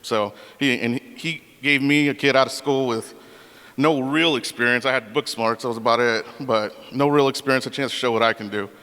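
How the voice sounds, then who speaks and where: A man in his forties gives a halting but earnest tribute. His voice is bright, sharp and clear, and it rings through a hall with long reverb. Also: medium pitch. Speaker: longtime employee giving a tribute. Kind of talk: banquet tribute. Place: banquet hall.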